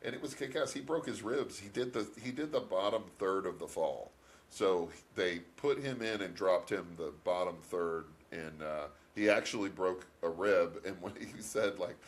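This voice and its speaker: A man co-hosting a podcast, chatting casually about an old action film, often laughing and acting out quotes. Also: normal speed. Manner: animated, laughing, acts out quotes with big pitch jumps. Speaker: podcast co-host. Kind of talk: casual movie review chat.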